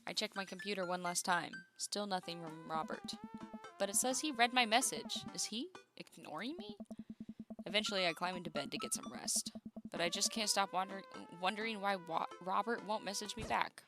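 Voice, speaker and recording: Woman streamer reading a dating game out loud, lively pitch, game music going behind. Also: normal speed. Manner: playful, chatty.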